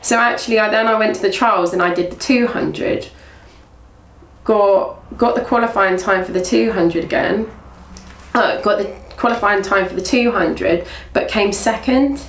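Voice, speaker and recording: A woman's voice: medium pitch, normal speed. A young woman, a former athlete from England, retelling her career in a casual interview, with many restarts and quoted speech. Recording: echoey room, voice from far off, faint room noise.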